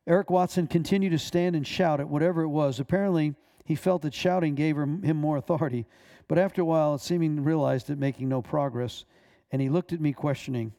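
A man reads a testimony aloud in a measured way, stumbling now and then. His voice is gravelly and mellow, sitting a little high for a man. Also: steady tone. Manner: measured reading with small stumbles. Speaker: minister.

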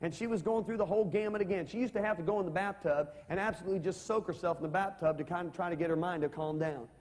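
High-voiced preacher in a reverberant hall. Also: male voice, very fast, darkish tone. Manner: emphatic, calls for amens and audience responses. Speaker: pastor. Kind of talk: sermon. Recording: long reverb of a large hall.

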